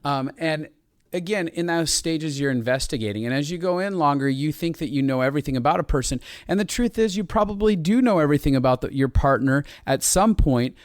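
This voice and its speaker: A man's voice: fairly high pitch, animated, brisk, dry recording, studio quality. A man co-hosting a relationship podcast, talking earnestly with his wife and slipping into quoted voices. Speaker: podcast co-host. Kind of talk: casual conversation with his wife.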